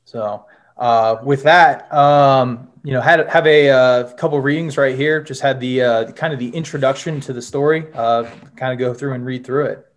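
A man's voice: mid-range voice, steady tone, moderate pace. A young adult man, an author and former Marine, answering interview questions casually with many fillers and reading from his book.

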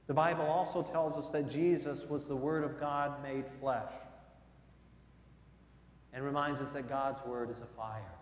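A male pastor preaching a sermon, swinging between loud emphasis and soft, low passages. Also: slight background noise. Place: church sanctuary. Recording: echoey church hall with long reverb.

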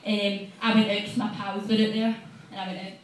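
A woman's voice: mid-range voice, little pitch movement, a little fast, a little hiss or hum. A young Glaswegian woman doing a stand-up set on a small bar stage, chatty, brash and sweary. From Scotland. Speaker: stand-up comedian. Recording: echoey live bar from a distance.

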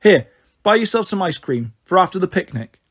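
A man voicing a brisk, friendly young woman in a read-aloud story, apologetic in manner. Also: high-pitched, big pitch swings, husky, exaggerated voice.

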